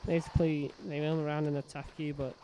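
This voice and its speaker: A man with a slightly raised voice talks casually over a game he is playing. He rambles, circling back with fillers and "so yeah". Clear background noise hums behind his home recording. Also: a little high, level tone, fast. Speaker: let's play host. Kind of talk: casual gameplay commentary.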